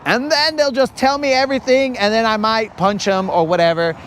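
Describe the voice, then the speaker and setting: A man's voice: very high-pitched, steady tone, brisk, a bit bright, slight background noise. A young man hosting a live fishing stream outdoors on a lake, rambling and telling jokey stories. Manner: rambling, joking storyteller. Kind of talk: casual live-stream chat.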